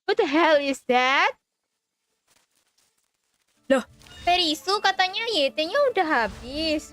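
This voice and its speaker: A woman's voice: high voice, measured pace, long pauses, faint music behind. A young woman from Indonesia with an Indonesian accent, playfully reading a game story aloud and greeting viewers. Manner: animated, playful. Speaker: streamer.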